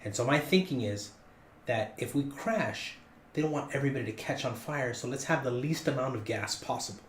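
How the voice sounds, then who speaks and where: A man's voice: brisk, slight background noise. Man telling a story in a roomy room. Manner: animated, jokey, rising in pitch for punchlines. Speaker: podcast guest telling a story. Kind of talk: casual storytelling.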